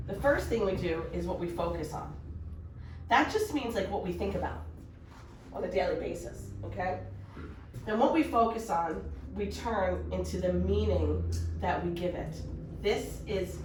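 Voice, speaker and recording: A middle-aged woman coaching a live workshop audience, telling a story with quick, animated energy. Her voice carries the echo of the room and sits back from the mic, with a faint room hum underneath. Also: medium pitch. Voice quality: animated, fast storytelling with laughs. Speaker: mindset coach. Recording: echoey room, voice from far off.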